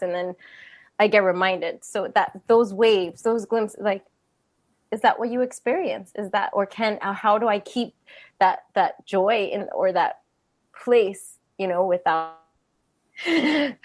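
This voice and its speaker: A woman speaks over a video call to a retreat group, telling a personal story at a middle pitch. Her delivery is animated: she laughs readily, then drops into quiet, hushed stretches. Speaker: retreat participant sharing a question. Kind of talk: emotional personal sharing.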